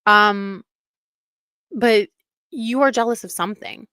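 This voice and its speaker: A woman's voice: medium pitch, takes it slowly, pushed and bright, clean tone, dry recording. A woman hosting a casual commentary show, talking in an indignant, emphatic way. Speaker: commentary host.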